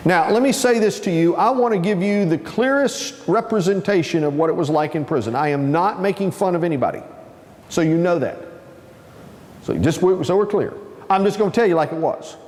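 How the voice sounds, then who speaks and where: A man tells a comic story to a conference audience and acts out the people in it. His high voice swoops up and down with energy. It rings through a large hall with a long reverb. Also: a little mellow. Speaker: conference speaker. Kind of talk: humorous storytelling talk.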